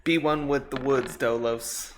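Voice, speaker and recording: A man's voice: mid-range voice, steady tone, unhurried, slight background noise. A man playing a tabletop game, joking and laughing often in casual chat. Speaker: player.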